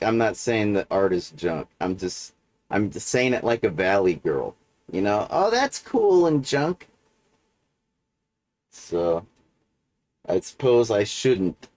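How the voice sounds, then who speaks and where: Low-voiced man rambling on a livestream. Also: a little mellow, dry recording. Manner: meandering, full of fillers and self-corrections; casual, lecturing tone with "right?" check-ins. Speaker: livestream host. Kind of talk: rambling monologue.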